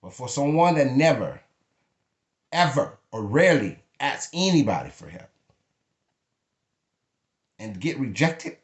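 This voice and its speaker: Blunt, cursing man venting. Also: mid-range voice. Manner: blunt, emphatic, cursing freely. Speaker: vlogger. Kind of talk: emotional venting monologue. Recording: echoey room.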